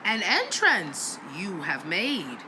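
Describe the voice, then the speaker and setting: A woman's voice: medium pitch, huge pitch swings, slow, noisy background. A woman voicing a wise old male walking-cane master who speaks in backwards, sage-like phrasing in a comedy sketch. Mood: dreamy.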